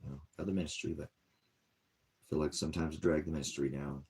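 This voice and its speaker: Tired guy rambling to his viewers, really low gravelly voice, husky. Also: steady tone, a little fast, darkish tone. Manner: weary, sighing, drifts between topics. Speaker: online ministry host. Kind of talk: rambling personal vlog talk.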